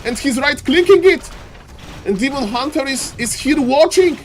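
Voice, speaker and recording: A man casting a live strategy game match, jumping between calm play-by-play and excited yelling, repeating his catchphrases. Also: very high voice, moderate pace, a little hiss or hum. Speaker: game caster. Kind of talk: live esports commentary.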